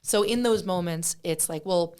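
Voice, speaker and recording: Chatty woman from Pennsylvania, fairly low voice. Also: moderate pace, clean tone. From Pennsylvania, USA. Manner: animated, chatty, many fillers. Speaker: guest musician. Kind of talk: casual interview storytelling.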